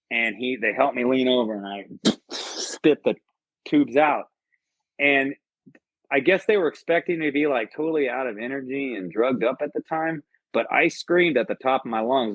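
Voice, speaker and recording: A man's voice: medium pitch, lively intonation, normal speed, dry recording. A man from the United States, a podcast guest and army veteran, telling a personal story in a rambling, profane, earnest way. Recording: dull lo-fi podcast audio.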